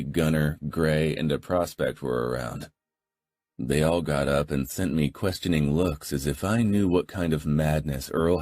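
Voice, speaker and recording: Very deep husky male audiobook narrator. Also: darkish tone. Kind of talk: first-person audiobook narration.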